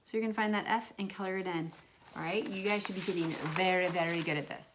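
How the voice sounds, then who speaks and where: A woman's voice: on the low side, steady tone, fast, noisy background. A woman teaching a remote lesson to young children as their kindergarten teacher, drawing out words in a sing-song way.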